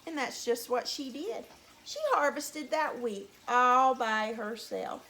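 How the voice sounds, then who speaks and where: A woman telling a folk tale to young children at story time, in a slow, sing-song, animated way. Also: on the high side, slight background noise. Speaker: teacher reading to children.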